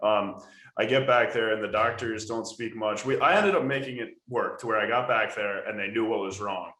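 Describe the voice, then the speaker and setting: An American man co-hosting a podcast, telling a story in a casual, animated way with laughs. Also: lowish voice, moderate pace. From United States. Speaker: podcast co-host. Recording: roomy echo.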